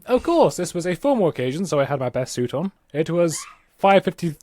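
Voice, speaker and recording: A man's voice: fairly high pitch, big pitch swings, a little fast, a little mellow. A man co-hosting a casual podcast, reading a story aloud and laughing with his co-host. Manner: jokey, laughs often.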